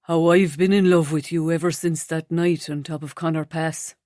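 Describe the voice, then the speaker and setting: A woman narrator voicing a shy, gentle young man who speaks softly and hesitantly. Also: deep voice, steady tone, moderate pace, no echo, clean studio sound, voice pushed down, close to an everyday voice. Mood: shy, tender.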